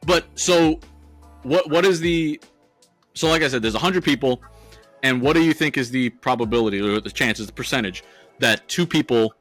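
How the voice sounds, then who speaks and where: Bright-voiced man, casual podcast chat. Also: medium pitch, moderate pace, faint music behind. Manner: laughs often, loose and profane. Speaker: podcast co-host.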